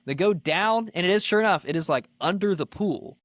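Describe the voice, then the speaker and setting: A man co-hosting a podcast, telling an animated story in casual chat, full of "like" fillers. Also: sits high, fairly quick, dry recording. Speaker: podcast co-host.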